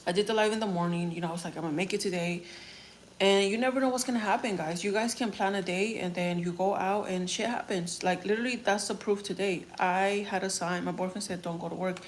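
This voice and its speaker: This young woman is a vlogger talking casually on a livestream, reading comments and telling a frank, rambling story full of swearing. She speaks fast with few pauses, at a medium pitch and fairly even intonation. Faint background noise is present.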